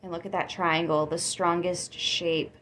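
A woman giving a casual tarot reading, chatty and excitable, with frequent gasps and laughs. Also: on the low side, measured pace. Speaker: tarot reader.

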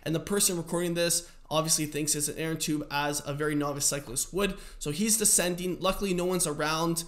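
A man with a slightly raised pitch talks through a clip for his cycling channel. He sounds chatty and amused while he explains what went on, in the casual way of reaction commentary. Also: fairly even intonation, a little fast, slight background noise.

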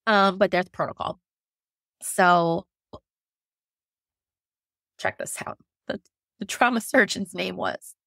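A young woman with a low, gravelly voice tells her own story as a podcast guest. She talks candidly and animatedly, acting out the voices of others along the way. The sound is close and dry, with no room around it. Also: dry recording. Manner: lively, quotes herself, frequent laughs.

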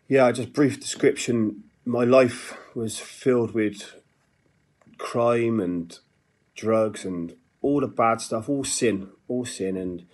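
A young man with a broad Bristol accent speaks his church testimony in a lowish voice. He is earnest and halting, pausing and restarting as he searches for words. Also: a little mellow. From Bristol, England. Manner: earnest, halting, with many fillers. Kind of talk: personal testimony.

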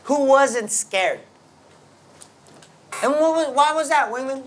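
A man teaching a military classroom lesson, brisk and commanding, often checking in with the class. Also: very high-pitched, expressive. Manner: brisk, commanding, keeps asking the class "right?". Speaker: military instructor. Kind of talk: classroom lecture.

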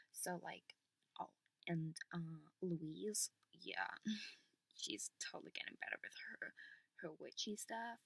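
Woman as teen girl vlogger, valley-girl chatter full of "like", fry-edged voice, dry close sound. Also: fairly low pitch, pushed and bright, no room sound, exaggerated voice, rough recording. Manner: gushing valley-girl chatter, packed with "like" and "totally". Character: chatty teenage schoolgirl, human doppelganger among witches. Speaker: character vlogger. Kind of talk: amateur character vlog.

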